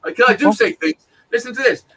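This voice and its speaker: A man's voice: very high voice, expressive, brisk, pushed and bright, distant mic, a little hiss or hum, low-quality recording. A man telling a long personal story in casual chat, sweary and rambling, with frequent restarts and laughs.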